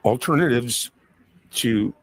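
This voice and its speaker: A man hosting a livestreamed card reading, speaking in slow, mystical phrases about energy and signs. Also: mid-range voice, no echo. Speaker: card reader.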